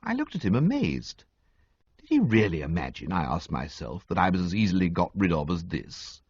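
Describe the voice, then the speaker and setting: A man narrating a comic audiobook with an expressive, sweeping storytelling delivery, on a dull, dry recording. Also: deep voice, moderate pace, husky, no echo.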